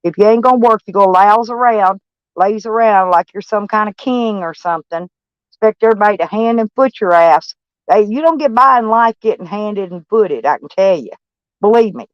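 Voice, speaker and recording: A woman's voice: mid-range voice, brisk, dry recording. An older woman vlogging about her day to camera, blunt, profane and rambling. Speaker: van-life vlogger. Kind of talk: casual rambling talk to camera. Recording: dull, dry recording.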